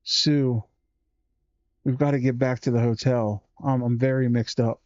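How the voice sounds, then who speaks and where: Man voicing a frightened young boy; anxious, halting, warm slow delivery. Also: mid-range voice, steady tone, no echo, dull audio, lightly acted. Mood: worried. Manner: anxious, stumbling.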